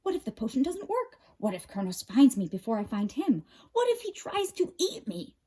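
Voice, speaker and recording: A brash young boy god, as a woman puts him on, high-pitched and excited. He swings through a lively, animated range with a husky edge. A storybook hero full of eager energy. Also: normal speed, full character voice. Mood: worried.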